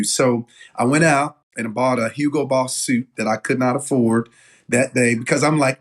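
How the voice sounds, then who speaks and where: A man's voice: medium pitch, moderate pace. Chatty man telling stories. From Knoxville, Tennessee. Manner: animated storyteller, many fillers and restarts. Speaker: guest, business owner. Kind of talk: casual storytelling interview.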